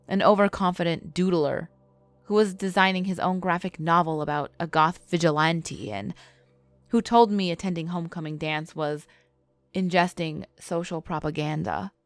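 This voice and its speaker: Give me a woman narrating a first-person horror tale in an even, measured way, with soft music behind. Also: lowish voice, no echo. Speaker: storyteller.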